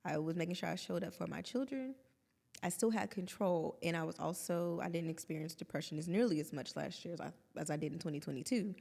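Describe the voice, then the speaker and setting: Speaking a little fast in a low, creaky, slightly mellow voice, this thirtysomething co-host keeps the podcast chat open and expressive, tossing in quoted asides. A long reverb tail follows her.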